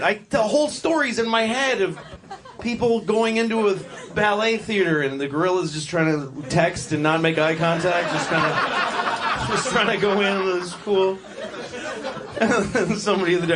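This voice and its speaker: A man with a high voice performs stand-up at a moderate pace, with crowd noise audible around him. Onstage at a comedy club, he rambles, interrupts himself, and acts out voices, and the live recording is noisy.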